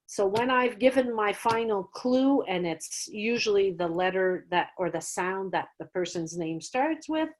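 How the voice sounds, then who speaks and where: A woman's voice: medium pitch, a little slow, hardly any pauses. A woman explaining her French teaching routine in a training session, acting out classroom moments with gasps. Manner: animated, acts out classroom voices with gasps. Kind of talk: teaching demonstration.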